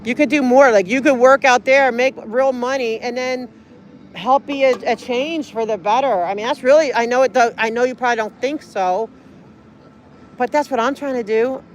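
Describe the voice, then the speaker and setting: A woman's voice: on the high side, normal speed, highs cut off, a little hiss or hum. A woman livestreaming outdoors on a city street, talking in an earnest, pleading, rambling way. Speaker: livestreaming auditor.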